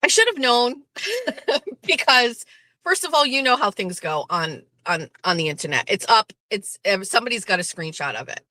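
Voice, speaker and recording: Woman, show host, casual storytelling, animated and blunt, bright tone. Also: mid-range voice, moderate pace, no echo. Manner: animated, blunt, swears freely, acts out quotes.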